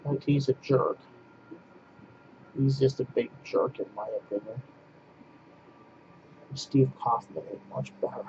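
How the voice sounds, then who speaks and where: A man's voice: mid-range voice, steady tone, slow pace, pauses often, lo-fi sound, background noise. A man ranting casually to camera in a vlog, blunt and repetitive, often restarting his phrases. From Poland. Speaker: vlogger.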